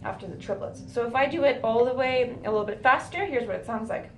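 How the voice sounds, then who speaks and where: A woman's voice: a little high, quick pace, a little hiss or hum. A woman teaching a recorded drum lesson, explaining fills and checking in with "right?" as she goes. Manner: counts beats aloud, says "right?" often. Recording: roomy with drums playing.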